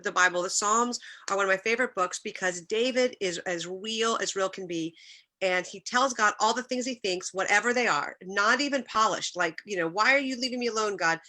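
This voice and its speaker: Bright and forceful in tone, a mid-range voice carries a middle-aged woman's earnest, personal faith talk at church. She shares stories, now and then grows emotional, and restarts a phrase occasionally.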